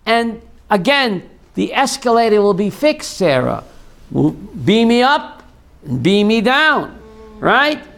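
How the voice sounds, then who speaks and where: This rabbi's voice is high-pitched with vocal fry, and his pace is slow. In his Jewish theology class he animatedly takes on quoted voices and quizzes the listeners through call-and-response.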